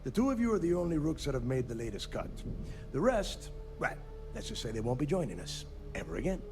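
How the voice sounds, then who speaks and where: A hard-bitten pirate fleet boss in a game, his voice rough and gravelly and rising and falling sharply as he lays down the rules. He speaks slowly and with menace, with game music clearly audible behind him. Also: a little high, big pitch swings. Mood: menacing. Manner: commanding, threatening, slow deliberate warnings. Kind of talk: video game dialogue.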